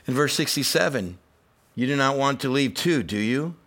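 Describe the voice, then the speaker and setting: A pastor preaching a sermon, animated, with loud emphatic peaks and quiet reflective stretches, acting out quoted voices in a casual, conversational way. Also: male voice, medium pitch, moderate pace.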